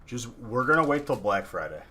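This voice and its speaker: A man's voice: mid-range voice, sing-song, brisk, pushed and bright, slight background noise. A man casually chatting on a live stream while opening card packs, teasing and thanking viewers.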